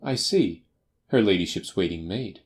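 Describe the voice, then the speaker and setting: A man voicing a confident, faintly teasing detective in a crisp, assured manner for an audiobook. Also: sits low, lively intonation, moderate pace, a little mellow. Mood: stern. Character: brisk, confident male detective. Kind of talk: audiobook character voice.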